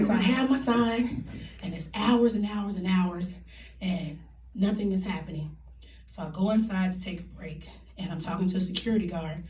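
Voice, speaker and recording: A woman telling a comic true story live on a theater stage, animated and laughing, in colloquial speech. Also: mid-range voice. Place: theater stage before an audience. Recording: echoey theater, distant mic.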